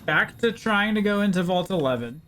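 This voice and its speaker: A young man with a high voice chats with his viewers while playing a game. He is casual and wry, dropping dry jokes. A faint hum of ambience sits behind him. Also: animated, normal speed, bright, forceful tone. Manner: chatty, talks to chat, wry. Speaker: game streamer. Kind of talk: casual live-stream commentary.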